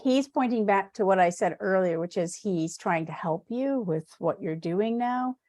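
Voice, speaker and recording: A woman's voice: medium pitch, moderate pace, a little mellow, dry recording, studio quality. A woman giving an animal communication reading, rambling and hesitant with many restarts. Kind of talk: live online reading.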